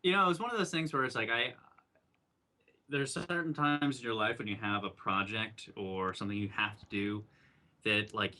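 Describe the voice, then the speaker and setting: A man's voice: lowish voice, moderate pace, bright, forceful tone. A young man as a guest in a casual interview, telling his story in an earnest, reflective way with many fillers. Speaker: documentary filmmaker guest.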